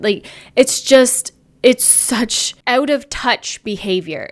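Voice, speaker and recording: A woman's voice: fairly high pitch, takes it slowly. A woman hosting a commentary video, reacting with indignant, emotional ranting. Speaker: commentary channel host.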